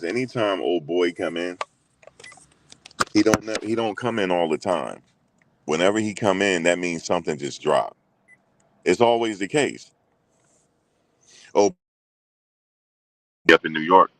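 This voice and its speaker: Deep-voiced man talking casually. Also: measured pace, long pauses, distant mic, noisy background. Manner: animated, repetitive storytelling with quoted voices. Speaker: show host. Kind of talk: casual commentary to viewers.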